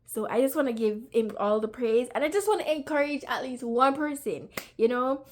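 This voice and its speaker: A young woman talks straight to her viewers about how her faith carried her through hard years. Her voice sits a little high and stays close to tears, and she speaks earnestly and loosely, with plenty of fillers and restarts. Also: animated, normal speed, a little hiss or hum. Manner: earnest, talkative, uses many fillers, grows emotional. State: near tears. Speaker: vlogger sharing a faith testimony. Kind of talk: casual personal testimony.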